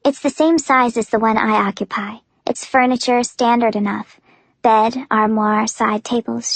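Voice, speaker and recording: A woman's voice: a little high, no room sound. A young woman narrating a first-person audiobook with an emotive, breathless intensity.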